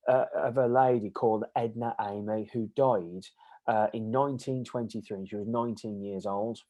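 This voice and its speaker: A man's voice: lowish voice, warm tone, low-quality recording. A man with an easygoing, rambling way of talking, telling a personal story as an interview guest, with plenty of fillers and restarts. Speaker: guest medium.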